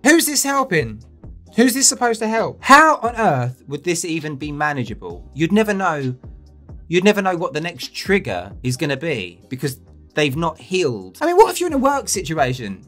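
A man rants comedically as host, his pitch swinging widely. He is sweary and sarcastic and breaks into mocking outbursts. Faint music sits underneath. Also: wildly swooping pitch, normal speed, bright, forceful tone. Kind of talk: comedic rant.

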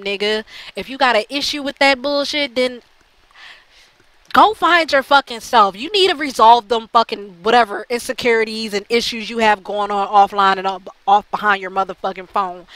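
A woman's voice: on the high side, pushed and bright, no room sound, poor audio. A woman ranting bluntly in a heated, profane monologue to her channel, full of fillers and restarts. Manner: blunt, heated, heavy swearing; frequent fillers and repeated restarts. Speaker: channel host.

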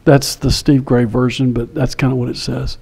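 A male pastor preaching a sermon in an animated way, acting out the people he quotes. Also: medium pitch, moderate pace, creaky, husky, low-quality recording. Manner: animated, acts out quotes in shifting voices.

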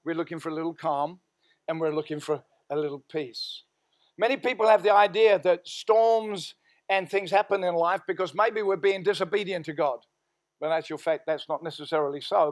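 Australian pastor preaching, slightly high-pitched. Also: male voice, brisk. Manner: storytelling, folksy, prays aloud. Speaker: senior pastor. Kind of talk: sermon. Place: church sanctuary.

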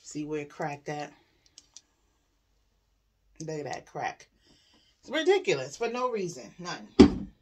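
A young woman talks straight to camera in a loose, profane vlog rant. Her voice sits a little low, swinging between heated venting and hushed asides. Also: a little slow, long pauses. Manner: frustrated venting, profane and animated, drops to quiet asides. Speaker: vlogger. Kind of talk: casual vlog talk to camera.

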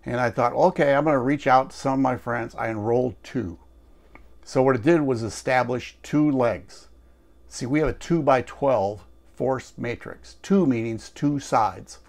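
A man delivering a direct-to-camera sales pitch as a network marketing promoter. He tells stories in a chatty, emphatic way and adds asides.

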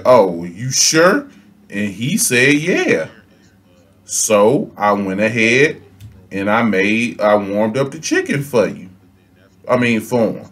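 A young man spins a comedic story for his viewers. He talks in loose slang, laughs often, and acts out each character's lines. His voice sits at an average pitch but rises and falls with wide, animated swings. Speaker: storytelling vlogger.

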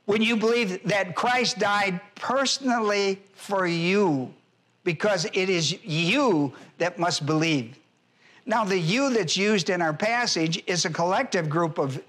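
A man's voice: sits high, slow pace, a bit bright. A man pastor giving an expository Bible lesson, emphatic and repetitive, spelling out Greek words as he teaches.

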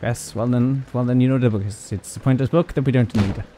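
A man's voice: mid-range voice, fairly even intonation, a little fast, warm tone, slight background noise. A British man commentating a horror game, jittery and jokey, chatting to objects as he goes. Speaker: gaming YouTuber. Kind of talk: horror let's-play commentary.

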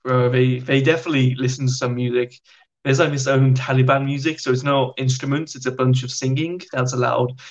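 A young British man in casual conversation as a podcast guest, telling anecdotes in an animated way and acting out the people in them. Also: mid-range voice, creaky, highs cut off. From United Kingdom. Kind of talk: casual storytelling.

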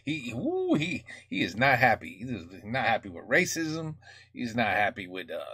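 American man, reaction host, bright tone, close dry mic, talks in fits and starts. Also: mid-range voice, huge pitch swings, moderate pace, breathy edge, no room sound. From United States. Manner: thinking aloud, many fillers and restarts. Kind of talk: casual reaction commentary.

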